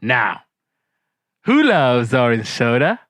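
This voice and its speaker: A man hosting a podcast in casual chat, animated and laughing often as he retells cartoon scenes. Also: medium pitch, takes it slowly. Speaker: podcast host.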